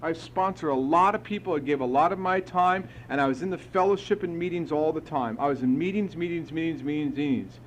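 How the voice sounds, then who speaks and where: A man's voice: a little high, a little fast, few pauses. A middle-aged man speaks in a slightly raised voice at a live meeting hall, telling his recovery story through a podium mic. His delivery is frank and emphatic, with blunt language. A faint hiss sits under the talk.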